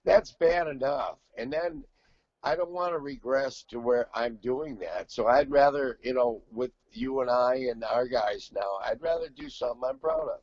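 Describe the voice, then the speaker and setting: A man in his sixties, a guest singer, telling profane, animated stories in casual chat. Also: medium pitch, moderate pace, no room sound, lo-fi sound.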